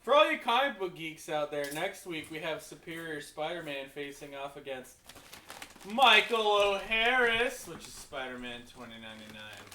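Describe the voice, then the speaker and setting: A man's voice: fairly high pitch, sing-song, normal speed, sharp tone. A young man chatting casually as a podcast co-host, rambling and restarting his sentences, often breaking into laughter. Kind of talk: casual chat. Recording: echoey room, far from mic, faint noise.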